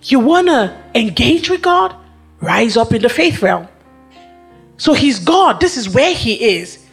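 High-voiced woman preaching a sermon. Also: husky. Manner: rhythmic, repetitive phrasing with emphatic pauses.

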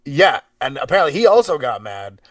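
A man's voice: a little high, very animated, a little fast, no room sound. A man co-hosting a podcast, chatting casually with rambling, hesitant asides. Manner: rambling, hesitant, many fillers. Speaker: podcast co-host. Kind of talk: casual chat.

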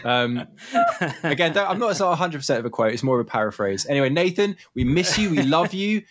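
A man's voice: on the high side, lively intonation, quick pace, noisy background. A man co-hosting a fan podcast, rambling through self-mocking jokes. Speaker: podcast co-host. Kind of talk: casual podcast chat.

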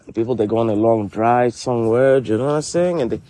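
A man's voice: medium pitch, fast, mellow, close to an everyday voice. A man voicing a brash middle-aged character with a Spanish-inflected English accent who calls everyone honey and rambles in street slang. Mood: indignant. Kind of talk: comedy sketch dialogue.

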